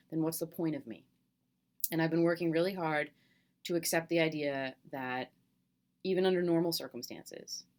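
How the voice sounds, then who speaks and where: A middle-aged woman with a slightly low voice speaks to her students in a recorded video message. She talks gently and candidly, pausing on fillers, and keeps coming back to reassurance. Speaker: college teacher. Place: home, at kitchen table.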